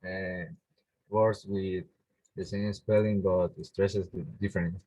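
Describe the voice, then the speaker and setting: A male student reading a definition aloud haltingly in an online class. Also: low-pitched, little pitch movement, dark tone, rough recording. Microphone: video call.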